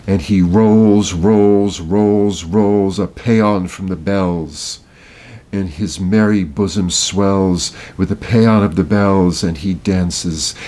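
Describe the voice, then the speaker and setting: A deep, low-voiced man in his sixties, from Miami, takes his time with every phrase. He reads poetry dramatically and talks about it haltingly. His delivery is unhurried throughout. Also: a little mellow. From Miami, Florida. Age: 60s. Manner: slow dramatic reading, hesitant afterwards. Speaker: podcast host. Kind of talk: poetry recitation and reflective talk.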